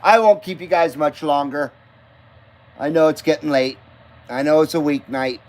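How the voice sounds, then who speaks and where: A man's voice: a little high, moderate pace. A man hosting a late-night live stream, chatting loosely and cussing as he greets viewers by name and talks about his radio gear. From Nevada, US. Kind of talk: casual rambling live-stream chat.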